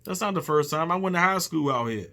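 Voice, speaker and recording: A man's voice: fairly high pitch, animated, fast talker, sharp tone. Heated profane man telling a story. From Virginia. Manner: heated, profane, repeats himself, acts out quotes. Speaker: man recounting an incident. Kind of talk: angry personal story, told casually.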